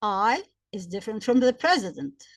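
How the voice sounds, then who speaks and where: A woman's voice: mid-range voice, big pitch swings, dry recording, studio quality. Woman teaching grammar. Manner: slow, repetitive explaining with examples. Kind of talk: explanatory grammar lesson.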